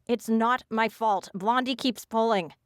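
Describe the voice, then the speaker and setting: A woman's voice: a little high, unhurried, smooth, no echo, clean studio sound, pitched above the performer's own voice, close to an everyday voice. A woman voicing a spiteful, whiny teenage girl.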